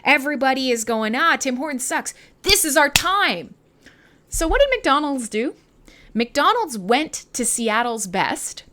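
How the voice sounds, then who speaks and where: A woman livestream host from Canada talking in a loose, rambling way, full of giggles and swearing. Her voice sits fairly high and swings widely in pitch. Her tone is bright and crisp, and she sounds tired and a bit high. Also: big pitch swings, measured pace, slight background noise. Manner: rambling, giggly, profane, self-mocking. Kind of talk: casual livestream chat.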